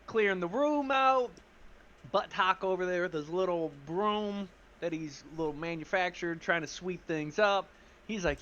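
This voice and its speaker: A man's voice: high voice, unhurried, a bit bright, lo-fi sound. A man recapping a tabletop game session in casual slang and acting out the characters.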